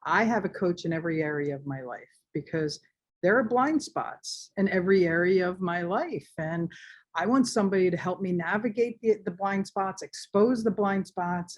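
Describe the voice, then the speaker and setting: A woman hosting a podcast, speaking in an energetic, emphatic, casual way. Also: fairly low pitch, moderate pace. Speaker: podcast host. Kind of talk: casual conversation.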